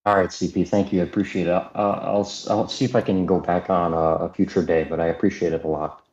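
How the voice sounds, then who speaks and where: A man's voice: sits low, level tone, fast talker, a little mellow. A man calling in to a talk show, chatting casually in an agreeable, laid-back way. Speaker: caller. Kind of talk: casual call-in chat. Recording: dull, echoey call audio.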